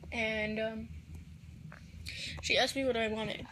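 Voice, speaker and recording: A woman telling a personal story to camera, recounting quoted text messages in a soft, halting voice that drops at times to near a whisper. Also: fairly high pitch, little pitch movement, heavy background noise. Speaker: vlogger.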